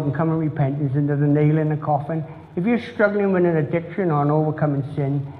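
A middle-aged pastor delivers a sermon in a fairly high voice, earnest and repetitive with a preacherly cadence. The audio sounds tinny and phone-like, with a roomy echo from the church hall.

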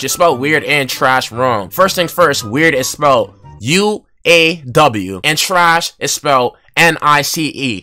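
Young NY guy, bright lively game commentary, yelling then mumbling, faint music behind. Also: fairly high pitch. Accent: New York. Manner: loud, swings between yelling and muttering. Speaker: gaming YouTuber. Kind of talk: trash-talking gameplay commentary.

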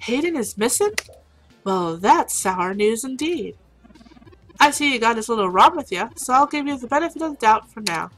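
A woman's voice: on the high side, lively intonation, normal speed, a bit bright, faint music behind, voice pushed up, low-quality recording. A woman voicing a breezy hacker who calls people hun, attempting a drawl and reading the lines aloud. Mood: easygoing.

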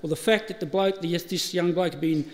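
A man's voice: high-pitched, fairly even intonation, fairly quick. A middle-aged Australian man giving a eulogy, telling funny stories with laughter and acting out the dialogue. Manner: anecdotal, laughing, acts out dialogue. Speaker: eulogy speaker. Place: funeral service hall. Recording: reverberant hall, faint ambient noise.

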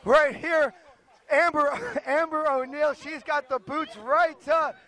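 Calling a wrestling match blow by blow, the commentator cracks jokes, laughs a lot and needles his partner. He speaks slowly in a very high, pushed, bright voice with fairly even intonation.

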